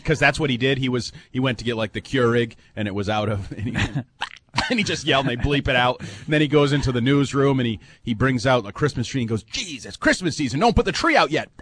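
A man's voice: mid-range voice, a bit bright. A man co-hosting a casual sports talk show, telling rambling, jokey stories. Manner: rambling, jokey storytelling with laughs. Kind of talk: casual sports radio chat.

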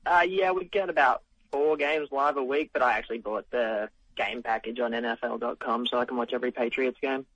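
An Australian-accented man calling in to a radio show. He sounds relaxed and friendly. The line is dull and muffled, with a dry, close sound. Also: mid-range voice, fairly quick, no echo. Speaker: caller. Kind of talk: phone-in call.

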